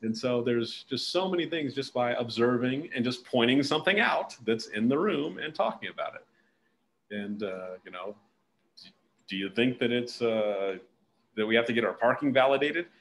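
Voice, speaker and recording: A man's voice: mid-range voice, animated, normal speed, slight background noise. A man hosting a casual interview, talking animatedly and acting out little snatches of dialogue. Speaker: podcast host.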